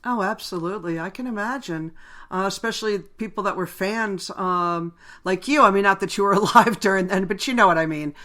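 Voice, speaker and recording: A woman's voice: mid-range voice, a little fast, a bit bright. A woman hosting a radio interview show, chatting casually with a guest, laughing often and using plenty of fillers. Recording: radio broadcast.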